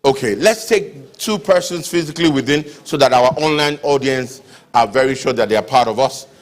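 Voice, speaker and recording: A man acts as master of ceremonies, courteous and formal. His voice sits at an ordinary middle pitch for a man. He sounds like he is speaking in a lecture hall. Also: normal speed. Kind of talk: formal event hosting.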